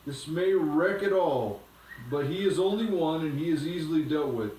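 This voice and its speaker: A man reading a storybook aloud, voicing a cold, imperious woman queen who speaks slowly and commandingly. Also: a little high, expressive, mellow, close to an everyday voice. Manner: commanding and slow. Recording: echoey room from a distance.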